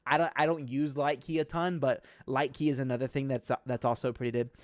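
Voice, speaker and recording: A man's voice: medium pitch, steady tone, fast, no echo, studio quality. A young man hosting a casual livestream, answering chat questions in a loose, slangy way with lots of fillers.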